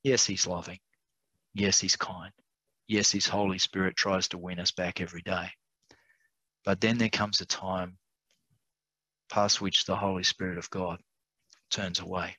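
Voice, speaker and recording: Low husky male preacher. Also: level tone, sharp tone, no room sound, rough recording. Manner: emphatic, slows on key words; reads scripture aloud from a study guide. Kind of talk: sermon Bible study.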